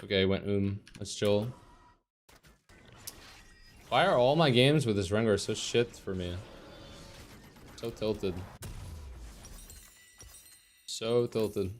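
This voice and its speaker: A man's voice: on the low side, slow, pauses often, faint music behind. A young man streaming a competitive game and commenting live, frustrated, swearing and ranting about his teammates.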